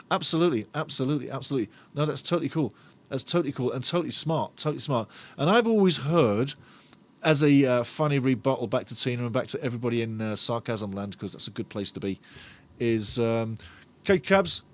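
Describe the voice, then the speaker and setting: A man's voice: medium pitch, fairly quick. A middle-aged man hosting a live football watch-along, chatting and bantering as he reads out viewer comments with a jokey, sarcastic streak. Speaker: fan channel host of a match watch-along. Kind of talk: live-stream chat and match talk.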